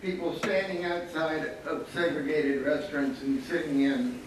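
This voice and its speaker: Recorded from a distance in an echoey, noisy hall, a panelist in his seventies who once worked as a student photographer shares anecdotes. His voice is fairly high, with fairly even intonation and normal speed, and he tells his stories wryly, chuckling often.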